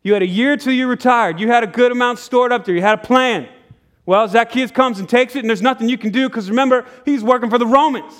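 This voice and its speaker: Speaking fast in a very high-pitched, fairly bright voice, a pastor delivers a sermon from the church sanctuary. He acts out dialogue as he tells a story, suddenly dropping to a near whisper.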